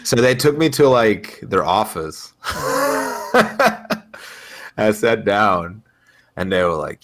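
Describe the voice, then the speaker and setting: Deep-voiced laughing storyteller man. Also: animated, takes it slowly, long pauses, a bit bright. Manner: storytelling, laughs often, many fillers. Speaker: podcast co-host. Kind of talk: casual chat.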